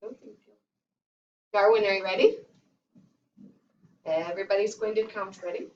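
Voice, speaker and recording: A woman's voice: medium pitch, steady tone, moderate pace, darkish tone. A woman teaching a classroom math lesson to young children, leading them in sing-song call-and-response. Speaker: kindergarten teacher. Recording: roomy, distant, dull classroom recording.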